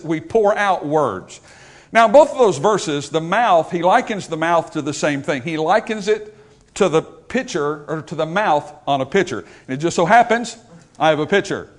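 A male pastor preaching a sermon, joking with the congregation and asking them questions. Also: fairly high pitch.

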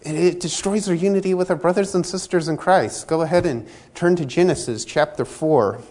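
A man with a fairly high, slightly mellow voice preaches a sermon at a fairly quick clip. His delivery is conversational, and he acts out dialogue and little scenes from everyday church life in his anecdotes.

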